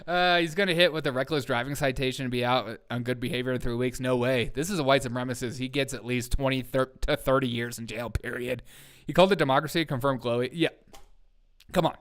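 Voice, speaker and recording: A man's voice: mid-range voice, a little fast, a bit bright. A man hosting a live comedy news show, riffing on headlines with a joking, chaotic manner and frequent laughter. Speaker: host.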